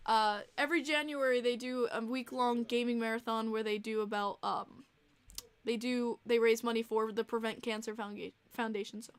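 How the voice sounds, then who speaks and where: A woman's voice: fairly high pitch, fairly even intonation, normal speed, clean tone. A woman hosting a casual livestream podcast, talking emotionally and rambling with many fillers and restarts. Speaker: podcast host and streamer.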